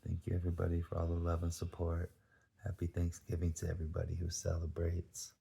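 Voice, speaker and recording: A man vlogging at home and softly cooing to his dogs in baby talk. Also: low-pitched, monotone, fast, gravelly, slightly rough. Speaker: dog owner vlogger.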